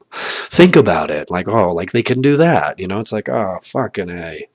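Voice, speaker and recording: A man talking alone to the camera in a rambling personal monologue, swearing often, laughing at himself and swinging between loud outbursts and muttered asides. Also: low-pitched, very animated, measured pace, no echo. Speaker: vlogger.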